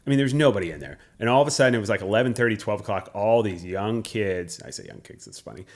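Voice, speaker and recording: A man in his forties co-hosts a casual podcast and tells stories with a lot of energy, swearing as he goes. His voice sits fairly low. He slips into quick impressions of the people in the story. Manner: animated storyteller who swears freely and acts out quotes. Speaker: podcast co-host.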